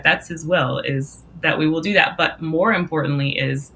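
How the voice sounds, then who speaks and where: A low-pitched woman in her thirties talks earnestly about faith in a relaxed podcast chat. Her voice is bright and forward, and she often slips into quoting herself and others. A faint hiss sits under the talk. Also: normal speed. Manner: earnest, many fillers and quoted inner dialogue. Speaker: guest songwriter. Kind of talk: casual faith conversation.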